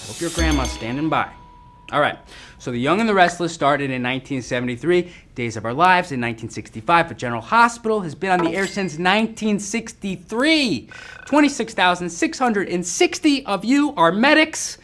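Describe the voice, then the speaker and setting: A man hosting a live trivia game, excitable and jokey with quick banter between questions. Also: sits high. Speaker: game show host.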